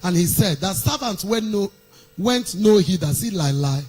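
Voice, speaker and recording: A woman's voice: mid-range voice, animated, normal speed, warm tone, poor audio. A woman pastor with a Nigerian accent preaching a sermon in a sing-song cadence, reading scripture aloud between stories.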